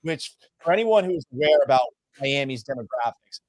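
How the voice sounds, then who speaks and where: A man who hosts sports radio, telling stories in a casual interview with a self-deprecating, profane, animated manner. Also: medium pitch, moderate pace, no echo. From Massachusetts. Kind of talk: casual storytelling in a podcast interview.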